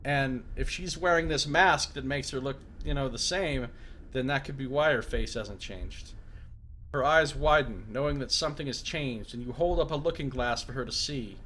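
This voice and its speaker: A man's voice: medium pitch, normal speed, a little hiss or hum. A man streaming a video game, reading its story text aloud and breaking in with comments. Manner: reads narration aloud, breaks off into excited asides.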